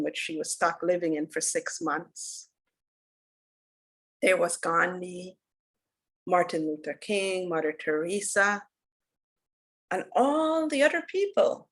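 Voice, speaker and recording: A woman with a fairly low voice gives an unhurried, earnest dharma talk. She leads her workshop as a spiritual teacher and tells the story at a steady pace. She goes soft and quiet at its solemn turns. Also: breathy edge, low-quality recording.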